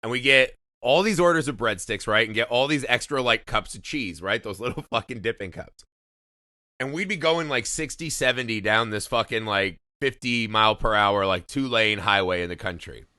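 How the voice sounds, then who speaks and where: Bright-voiced man telling a wild story. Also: medium pitch, moderate pace, dry recording, studio quality. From Indiana. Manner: animated storytelling, heavy swearing, laughing. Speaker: podcast co-host. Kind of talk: casual chat.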